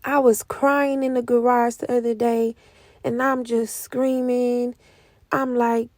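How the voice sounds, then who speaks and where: A young woman giving an emotional spoken testimony, moving between hushed whispers and loud outcries. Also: fairly high pitch, flat delivery, no room sound. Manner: speaks slowly with heavy pauses. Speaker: prophetic speaker. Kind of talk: testimony sermon.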